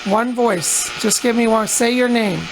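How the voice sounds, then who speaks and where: A woman with a slightly high voice acts as a psychic medium, leading a radio seance. She coaxes and questions unseen presences, repeating her prompts patiently. A clear electrical mains hum and static run beneath her voice throughout. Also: a little slow.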